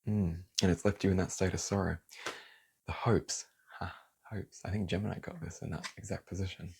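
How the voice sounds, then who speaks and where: Low husky-voiced man giving a tarot reading. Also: steady tone, fairly quick, darkish tone. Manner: heated, swears, then apologizes. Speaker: tarot reader. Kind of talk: casual tarot reading to camera.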